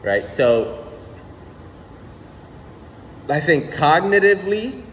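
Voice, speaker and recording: A young man ranting casually on his own channel, animated and slangy, swearing often and repeating "son". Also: fairly high pitch, very slow, long reverb tail, slight background noise. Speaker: vlogger. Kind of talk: casual rant.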